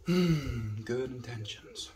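A man's voice: medium pitch, expressive, takes it slowly, a little mellow, slight background noise. Earnest South African man, livestream chat. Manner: earnest, musing, reads chat aloud.

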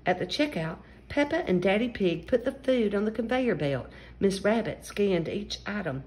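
Animated woman reading a kids' story. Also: mid-range voice, normal speed, hardly any pauses. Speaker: storyteller host. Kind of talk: children's story read-aloud.

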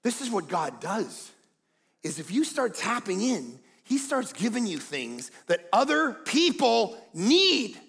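A man's voice: high voice, slow, creaky. A middle-aged male pastor preaching a sermon, telling stories and acting out the people in them, building to emphatic peaks. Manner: animated, acts out quotes, builds to emphatic peaks. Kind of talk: sermon with storytelling. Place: church stage.

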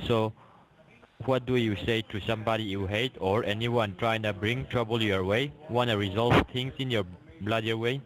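A man's voice: lowish voice, steady tone, moderate pace. A man on a phone call posing as an agency caller, insulting and combative. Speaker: phone scammer.

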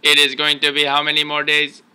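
Bright-voiced father teasing his son. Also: a little high, monotone, fairly quick, clear, resonant tone. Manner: playful, teasing questions. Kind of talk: casual home video chat.

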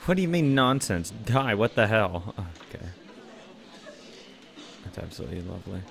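A man's voice: lowish voice, sing-song, vocal fry, soft background music. Sarcastic young man reacting to a game. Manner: sarcastic, swears freely, quick reactions. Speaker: let's play reader. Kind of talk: casual commentary over a visual novel.

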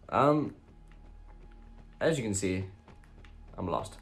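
A man's voice: on the low side, very animated, unhurried, pauses often, soft background music. A young man hosting a gaming channel, chatting casually through his gameplay with lots of ums and frequent swearing.

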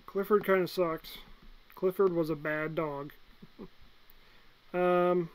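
A young man from the United States ranking movies in a casual vlog, blunt and excitable, swinging from loud bursts to muttered asides. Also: sits high, slow pace, clean tone, poor audio. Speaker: movie reviewer.

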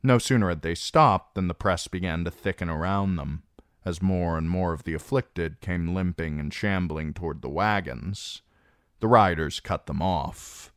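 A man narrating an audiobook in a measured, expressive way. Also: sits low, no echo, clean studio sound. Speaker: audiobook reader.

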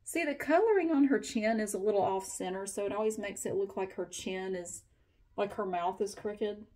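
A woman's voice: medium pitch, moderate pace, darkish tone. Woman vlogger at home, chatty and casual, sing-song when she talks to her pets. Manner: chatty, slips into sing-song baby talk with her cats. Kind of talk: casual home vlog chat. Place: at home, in a bathroom.

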